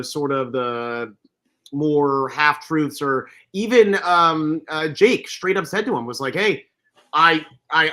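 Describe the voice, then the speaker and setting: A man's voice: fairly high pitch, bright, forceful tone. A man co-hosting a podcast, earnest and hedging with fillers in casual discussion. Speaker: podcast co-host.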